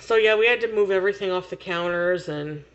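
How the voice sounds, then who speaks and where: A woman's voice: mid-range voice, a little fast, dull audio. A woman livestreamer chatting casually with viewers, laughing often and swearing freely.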